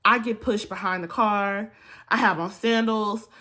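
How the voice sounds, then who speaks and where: A young woman chatting through a storytime while doing her makeup, with animated asides to her viewers, recorded on a phone at home. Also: mid-range voice, unhurried. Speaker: beauty vlogger. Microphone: phone camera.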